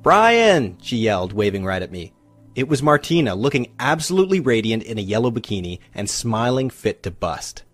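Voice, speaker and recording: A man, a relationship coach, narrating a scripted first-person story in an animated, confiding way. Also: lowish voice, fairly quick, no echo, faint music behind.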